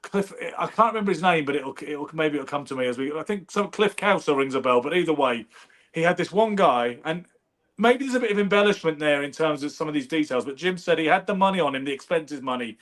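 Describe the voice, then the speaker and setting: A man telling stories in casual conversation, animated and anecdotal. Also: on the high side, brisk. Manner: animated, anecdotal, does brief impressions. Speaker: podcast host.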